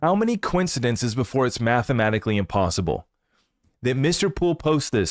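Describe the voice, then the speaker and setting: A man hosting a crypto channel, chatting casually and excitedly with rambling asides and laughs. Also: medium pitch, brisk, no echo, studio quality. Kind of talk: casual livestream commentary.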